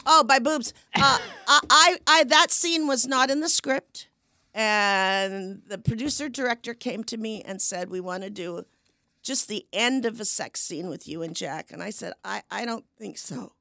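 Animated older woman telling stories. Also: on the high side, measured pace, dry recording, clean studio sound. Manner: animated, acts out the people she quotes. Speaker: podcast guest, actress. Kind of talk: storytelling in a conversation.

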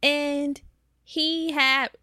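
A woman co-hosting a podcast, telling a story in animated, slangy casual talk. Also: high voice, extremely slow, no room sound, clean studio sound. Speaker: podcast co-host.

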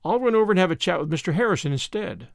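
A man's voice: lively intonation, racing, gravelly, dry recording, studio quality. A man voicing an earnest, idealistic young woman teacher in a storybook reading. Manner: earnest, high-minded.

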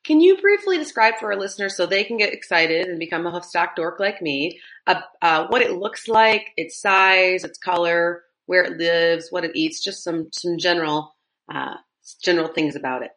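A woman's voice: lowish voice, expressive, moderate pace, a bit bright. A woman with a Midwestern American accent hosting a podcast interview, asking rambling, enthusiastic questions. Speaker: podcast host. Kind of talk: casual interview chat.

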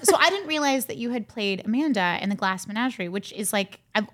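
A woman's voice: a little high, animated, fairly quick, a bit bright, faint music behind. A woman co-hosting a podcast, chatting eagerly with her guest and using many filler words. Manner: enthusiastic, many likes and fillers. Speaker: podcast co-host. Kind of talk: casual interview chat.

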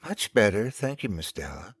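A man's voice: on the low side, big pitch swings, moderate pace, husky, no echo. A man voicing a frightened, bloodied little girl who speaks sweetly and delicately, shivering from the cold. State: teeth chattering from cold.

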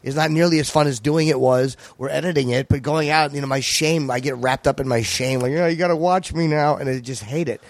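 A man telling stories on a podcast in a blunt, profane way. His voice sits at an ordinary middle pitch. The sound is dry and close, with no room around it. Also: fairly even intonation, no echo. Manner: blunt, profane, quick storytelling. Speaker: guest comedian. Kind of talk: casual podcast chat.

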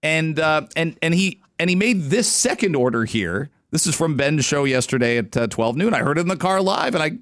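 A man's voice: fairly high pitch, animated, fairly quick, hardly any pauses, a bit bright, no echo, clean studio sound. Chatty Canadian radio morning host, man. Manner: chatty, joking, musing aloud. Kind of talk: casual radio talk. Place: radio studio. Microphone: studio microphone.

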